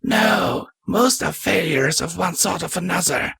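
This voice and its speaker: A man doing a knowing stallion with a gravelly, raised voice. He explains in grave, even tones. This is an audiobook character voice. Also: high-pitched, measured pace, voice pushed up, exaggerated voice.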